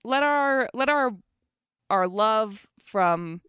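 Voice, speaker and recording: Woman, podcast co-host, giggly, teasing, halting, animated pitch, dry close sound. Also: smooth, no room sound. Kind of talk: casual banter.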